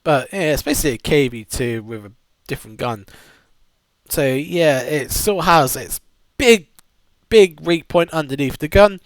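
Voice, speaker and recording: Man, gaming commentary, lively bouncing pitch, dry close sound. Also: unhurried, dry recording. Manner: rambling, restarts, fillers, enthusiastic. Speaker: gaming video host. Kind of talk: casual game buying guide commentary.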